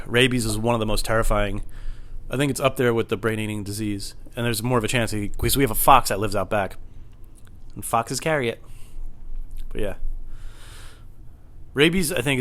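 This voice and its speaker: A young man telling a comedic story in a rambling, anxious way, swearing often and building up to shouts. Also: on the low side.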